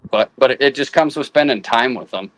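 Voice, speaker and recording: A man's voice: medium pitch, low-quality recording. A man in a casual chat, often restarting and repeating words as he works out his thought. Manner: halting, repeats words while thinking. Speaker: guest houndsman.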